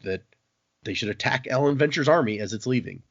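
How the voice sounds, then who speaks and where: A man's voice: mid-range voice, animated, a little fast, slightly rough. A man doing a bullying inquisitor. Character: menacing male inquisitor, curt and bullying. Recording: dull, dry lo-fi podcast audio.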